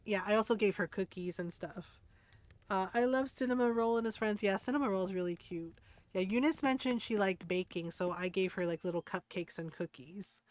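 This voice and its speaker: A woman's voice: fairly low pitch, moderate pace, dry recording. A young woman streamer chatting casually and rambling a little as she shows off her game.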